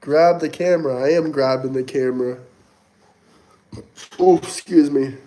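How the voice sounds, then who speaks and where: This casual livestream host, sweaty and coughing at times, reads super chats out and taunts the commenters. He speaks a little slowly, pausing often, in a warm, mid-range voice.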